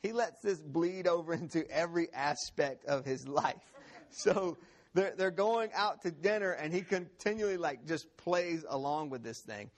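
A man pastor giving a sermon in a church, telling a funny story with an animated, laughing manner and lots of restarts. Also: fairly high pitch, measured pace.

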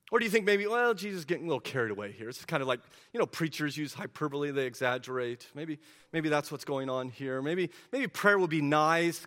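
A man preaching a sermon as pastor, animated and questioning, often repeating words as he builds up. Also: on the high side, big-room sound.

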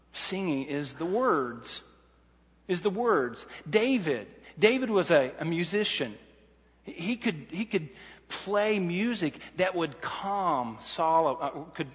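A man's voice: fairly high pitch, big-room sound. Man, sermon, earnest, stop-start phrasing, muffled lo-fi sound. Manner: earnest, numbered points, frequent restarts. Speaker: preacher.

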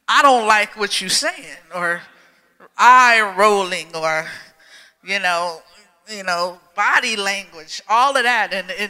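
A man preaching a sermon in a church, telling stories in a slow, emphatic, folksy way. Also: sits high, sharp tone, smooth. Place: church sanctuary. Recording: long reverb of a church hall.

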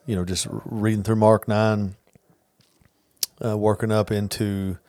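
A man co-hosting a casual podcast chat, telling stories in an earnest, animated way. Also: fairly low pitch, measured pace, smooth. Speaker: podcast co-host.

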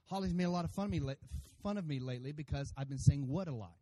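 A pastor preaching a sermon to his congregation, animated and playful, acting out voices and calling for amens. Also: a little high, very fast. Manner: animated, acts out funny voices for God and congregants; addresses congregation by name, calls for amens.

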